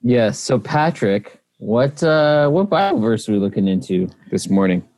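Playful low-voiced man, devotional co-host. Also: expressive, a little mellow, dry recording. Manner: playful, joking, halting with fillers. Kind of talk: casual devotional discussion.

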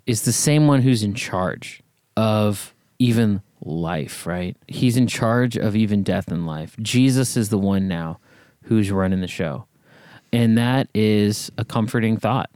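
This man talks through a Bible passage in a relaxed discussion, his lowish voice unhurried and warm, with no echo. Conversational throughout, he explains points and keeps adding a rhetorical "right?".

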